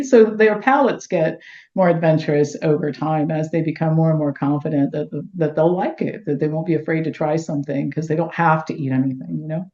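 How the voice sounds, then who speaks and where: A middle-aged woman being interviewed, telling lively anecdotes and acting out the dialogue. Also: low-pitched, fairly quick. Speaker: guest, health doctor. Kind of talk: storytelling in interview. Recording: roomy, dull lo-fi sound.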